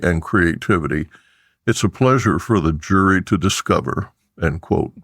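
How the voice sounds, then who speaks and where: A man reads scripted news headlines in a measured, even newsreader manner. His voice sits low, and the recording is dry with no room sound. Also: dry recording. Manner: measured, steady newsreader delivery. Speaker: news podcast host.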